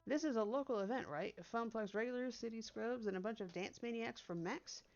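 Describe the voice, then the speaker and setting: A woman's voice: fairly high pitch, fairly quick, creaky, darkish tone, highs cut off. A woman voicing a brash young female fighting-game player, exasperated and emphatic.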